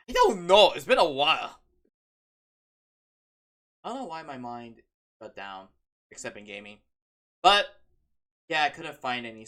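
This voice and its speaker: A woman's voice: deep voice, a bit bright. A young woman streaming a game, chatting in a rambling way full of fillers and restarts. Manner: rambling, self-correcting, lots of "like". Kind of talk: casual gameplay chat.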